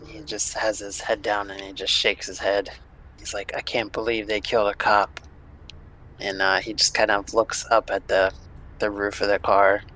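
A man's voice: on the low side, completely flat delivery, normal speed, pushed and bright, a little hiss or hum, rough recording. A man narrating as game master of a tabletop role-playing game, in a loose, laid-back way with frequent fillers.

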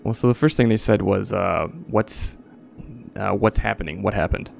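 A man with a low, gravelly voice narrates a tabletop game as its game master. He talks in a relaxed way, pausing often with fillers, while faint music plays behind him. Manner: relaxed, frequent filler pauses.

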